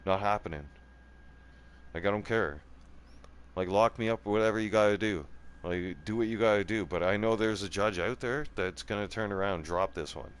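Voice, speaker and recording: Angry, low-voiced man in a profane rant. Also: clean tone. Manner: profane, repetitive, keeps asking "right?" and "okay?"; angry and defiant, voice rising and falling. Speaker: gaming channel host. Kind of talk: heated monologue rant.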